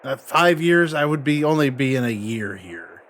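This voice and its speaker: A man voicing a gullible male quarterback in prison, who answers haltingly and evasively. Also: medium pitch, lively intonation, fairly bright tone, natural voice. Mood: sheepish.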